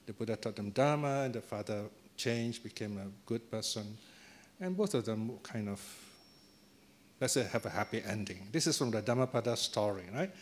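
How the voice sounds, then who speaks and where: A man's voice: lowish voice, expressive, moderate pace, slight background noise. A man giving a dharma talk as a Buddhist teacher, telling a story in a chatty way with chuckles and tag questions to the audience.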